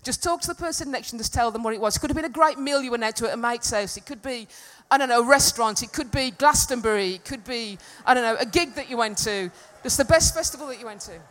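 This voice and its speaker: A woman preaching a sermon to a congregation, earnest and emphatic, swinging from loud peaks to soft, quiet stretches. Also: fairly high pitch, quick pace, hardly any pauses. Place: church hall with congregation.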